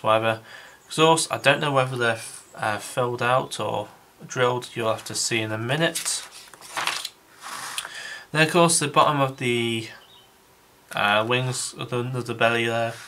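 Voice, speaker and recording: A man's voice: mid-range voice, sharp tone, slight background noise. A man giving a casual, rambling review of a model kit, thinking aloud with frequent restarts and calling his viewers guys.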